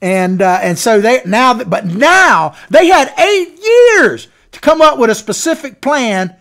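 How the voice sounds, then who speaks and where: A man's voice: very high voice, sing-song, unhurried, gravelly, few pauses, fairly bright tone. A man hosting a political talk show, delivering opinionated commentary in a folksy, sarcastic way. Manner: folksy, sarcastic, mocking impressions.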